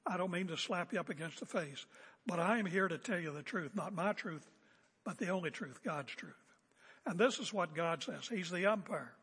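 A man's voice: high-pitched, animated, moderate pace, fairly bright tone, breathy edge. A man preaching a sermon as a pastor, emphatic and confrontational, hammering home repeated phrases. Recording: echoey hall with long reverb.

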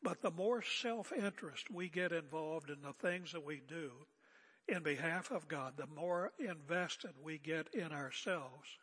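An older man preaching a sermon as pastor, seated and speaking in a calm, conversational way with rhetorical questions. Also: on the high side, measured pace, breathy edge, in a large hall. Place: church sanctuary. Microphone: seated at pulpit area mic.

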